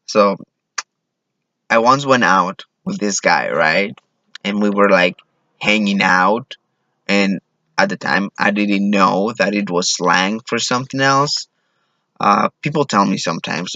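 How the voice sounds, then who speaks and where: A man's voice: on the low side, a little slow, long pauses, sharp tone, no room sound. A man from Mexico telling a self-deprecating personal story on stage, acting out what people said. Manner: self-deprecating, acts out quoted voices. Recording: dull, lo-fi sound.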